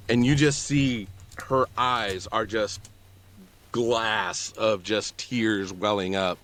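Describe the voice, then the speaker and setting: A man narrating a tabletop game as game master, in a slow, halting storytelling manner. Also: on the low side, fairly even intonation, a bit bright.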